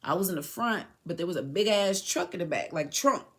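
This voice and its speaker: A woman's voice: on the low side, expressive, fairly quick. A young woman hosting a podcast, telling a painful personal story in a candid, slangy way and near tears at times. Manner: emotional, slangy and candid, retelling dialogue. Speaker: podcast host.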